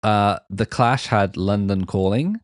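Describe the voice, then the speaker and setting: A man's voice: on the low side, a little slow, dry recording, studio quality. A man from Wales hosting a podcast, chatting casually and rambling with fillers. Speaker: podcast host.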